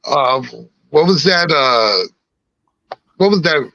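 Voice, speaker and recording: A middle-aged man with a slight lisp, talking in a relaxed, laughing way on a podcast. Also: fairly high pitch, drawn-out words, no room sound, dull audio. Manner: laid-back, laughing, peppered with "you know what I'm saying". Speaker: guest rapper. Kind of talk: casual podcast chat.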